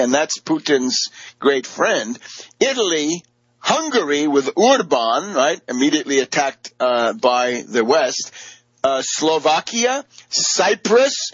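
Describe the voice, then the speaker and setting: Sarcastic combative man, husky and lo-fi. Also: fairly high pitch, fairly bright tone, no echo. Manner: sarcastic, combative, with frequent fillers; mimics opponents in quoted asides. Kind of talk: political commentary monologue.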